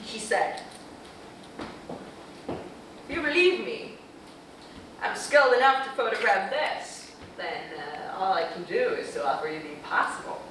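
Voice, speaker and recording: An actress playing a witty, self-mocking glamorous film star in a staged theatrical monologue, laughing often. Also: female voice, medium pitch, animated, heavy reverb, recorded from a distance, background noise, natural voice. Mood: wry. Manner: wry, playful, laughing often, drawn-out delivery.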